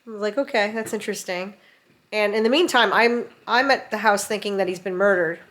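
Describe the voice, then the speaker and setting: This is a middle-aged woman recounting a story at home, casual and animated. She slips into the voices of people in the story as she goes. Her pitch sits in an ordinary middle range. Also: fairly quick. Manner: animated, acts out quotes. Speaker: vlogger. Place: home in rural mountains.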